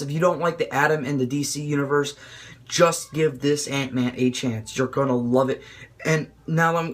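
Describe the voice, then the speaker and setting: Young guy hyped about a movie, kinda husky, swears a lot, slightly high voice. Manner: excitable, profane, rambling. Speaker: movie reviewer. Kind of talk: casual video review.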